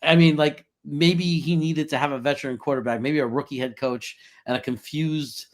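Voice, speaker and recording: A man co-hosting a casual sports chat, animated, chuckling often and talking in long run-on thoughts. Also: fairly high pitch, normal speed. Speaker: podcast co-host.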